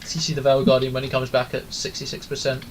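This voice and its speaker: A man's voice: medium pitch, completely flat delivery, fast, a little hiss or hum, poor audio. A man leading an online game raid over voice chat, giving instructions in a casual way full of ums and likes. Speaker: raid leader. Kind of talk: casual voice chat while gaming.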